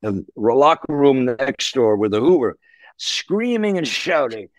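Older male musician guest, animated storyteller, average pitch, dry sound. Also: measured pace, no room sound. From Canada. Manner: animated, swears, acts out voices. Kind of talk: anecdote-telling interview.

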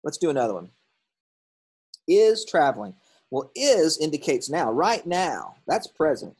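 A man's voice: on the high side, big pitch swings, a little slow, husky, rough recording. A man teaching a grammar lesson, explaining in a casual way with ums and self-corrections. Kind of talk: recorded classroom lesson.

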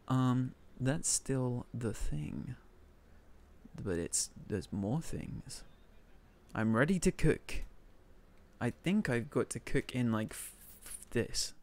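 A man's voice: mid-range voice, gravelly. A man from northern England streaming a cooking game, chatting casually, thanking viewers by name and joking about himself. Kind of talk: casual live-stream chat.

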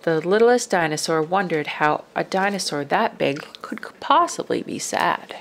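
A woman reading a children's picture book aloud, expressive and dropping to whispers for suspense. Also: lowish voice, unhurried, slight background noise. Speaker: storyteller.

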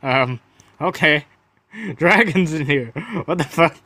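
A young man doing a casual voice-over of his gameplay, swearing, laughing and shouting in disbelief between low, mumbled asides. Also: lively intonation, takes it slowly, no room sound. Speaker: gameplay commentator.

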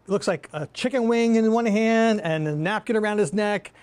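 A man's voice: high-pitched, moderate pace, a little mellow, smooth. A man co-hosting a film review show, telling stories with enthusiasm and animation. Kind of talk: casual chat. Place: production studio.

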